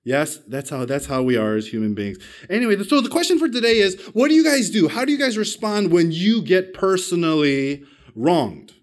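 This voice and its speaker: A man preaching a sermon, telling a personal story with big swings in pitch and loudness, self-deprecating and asking the congregation questions. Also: big pitch swings, normal speed. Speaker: pastor.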